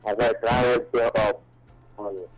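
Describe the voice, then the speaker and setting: A Nigerian man calling a radio show, giving halting greetings to his family and pastor. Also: fairly low pitch, steady tone, slight background noise. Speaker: caller. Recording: phone call into radio show.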